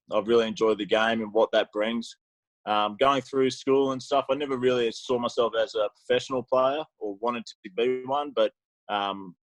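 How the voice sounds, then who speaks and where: A relaxed Australian man in his thirties talks on a video call. His voice sits low and is recorded dry and close. He speaks in an easygoing, reflective way and drops "mate" often. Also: no echo. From Queensland, Australia. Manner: laid-back, says mate often, reflective. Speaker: guest rugby player. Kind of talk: casual video call chat.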